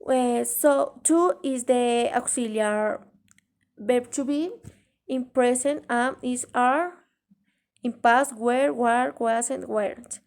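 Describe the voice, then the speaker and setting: A woman teaching an English grammar lesson in a halting way, pausing mid-sentence and reading example sentences aloud. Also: on the high side, a little mellow. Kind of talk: grammar lesson explaining tag questions.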